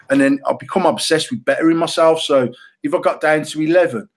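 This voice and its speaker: A middle-aged British man co-hosting a casual podcast, telling an animated, self-mocking story full of swearing. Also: medium pitch. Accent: British English. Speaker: podcast co-host.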